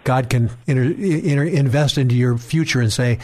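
A man's voice: medium pitch, normal speed, few pauses. Preacherly male talk show host. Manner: warm preacherly, addresses listeners. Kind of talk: faith talk show interview.

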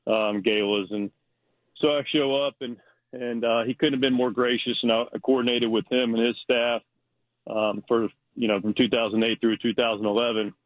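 A man's voice: mid-range voice, no room sound. A man, a baseball manager, telling rambling stories as a radio guest over the phone, full of fillers and restarts. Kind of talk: casual storytelling by phone. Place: Florida. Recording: phone line.

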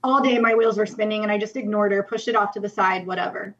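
A woman's voice: medium pitch, steady tone, quick pace, dull audio. A young woman telling her personal testimony as a podcast guest, earnest and emotional, with many "like" fillers.

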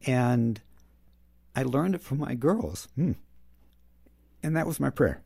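A middle-aged man speaking earnestly and personally on a roundtable, dropping softly when he quotes his prayers. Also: medium pitch, expressive, slow pace, creaky, pauses often, husky. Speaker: guest. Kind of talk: reflective roundtable talk.

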